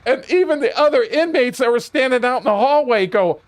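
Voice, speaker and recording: A man's voice: extremely high pitch, lively intonation, brisk. A man streaming a video game while telling a heated, profane story, often laughing.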